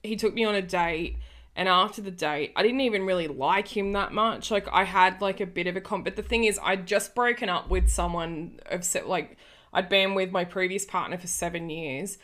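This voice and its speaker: A woman's voice: fairly low pitch, moderate pace, fairly bright tone. A woman in her early thirties chatting casually on a podcast, telling a rambling story full of restarts. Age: early 30s. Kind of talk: casual chat.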